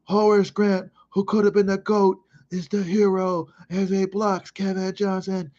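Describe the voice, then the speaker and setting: A man putting on an excited male radio sports announcer shouting a play-by-play call. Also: high voice, unhurried, highs cut off, pitched above the performer's own voice. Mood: thrilled.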